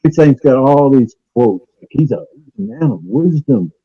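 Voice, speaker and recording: Over dull remote call audio, a male guest on a call-in stream drifts through casual conspiracy talk. His voice is mid-range and animated with a breathy edge, a little slow, and he keeps hesitating, restarting and using fillers.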